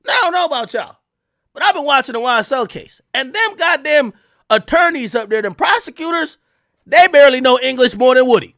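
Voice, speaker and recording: Male streamer, mocking rant, bright and tense voice, very lively delivery. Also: extremely high pitch, brisk, no echo, studio quality. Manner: sarcastic, mocking, swings between loud outbursts and muttered asides. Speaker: streamer and commentator. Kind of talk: animated live-stream commentary.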